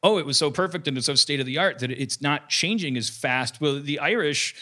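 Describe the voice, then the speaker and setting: A man hosting a podcast in casual talk, rambling and animated, swearing freely and joking between points. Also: a little high, a little fast. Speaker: podcast host.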